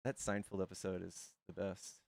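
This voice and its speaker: A man's voice: low voice, completely flat delivery, moderate pace, creaky, a little mellow, no echo. A man hosting a live stream, chatting crudely and jokingly with his viewers. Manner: crude, joking, addresses chat. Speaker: streamer host.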